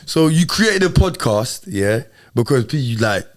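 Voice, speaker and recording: Lively man spinning a story. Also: medium pitch, unhurried. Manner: animated storytelling with constant check-ins. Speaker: podcast host and musician. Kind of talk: casual chat.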